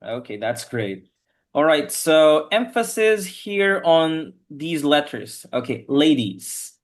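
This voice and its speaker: A man's voice: fairly high pitch, sing-song, slow. A man teaching an online English class over a video call, patiently correcting his students' pronunciation word by word.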